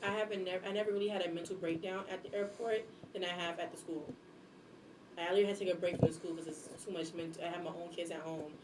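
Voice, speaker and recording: A young woman talks fast and bluntly, with lots of energy. She sits back from the microphone in an echoey room. A faint room hum runs underneath. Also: lowish voice, far from the mic. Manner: blunt, animated, acts out scolding voices. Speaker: guest, substitute teacher and airport worker. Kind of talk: casual podcast chat.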